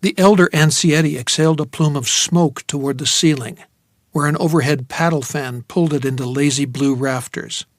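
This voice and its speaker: A man's voice: a little high, normal speed, dry recording, studio quality. A man narrating a first-person novel audiobook in a wry, reflective manner.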